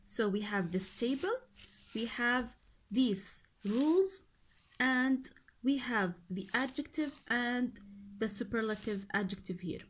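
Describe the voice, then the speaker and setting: A woman teacher with a slightly high voice leads a recorded grammar lesson. Her pitch rises and falls a great deal. She speaks slowly and explains each rule in steps, stopping to ask her pupils questions. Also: slight background noise. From Oman. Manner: slow, explaining step by step, questions to students. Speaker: English teacher.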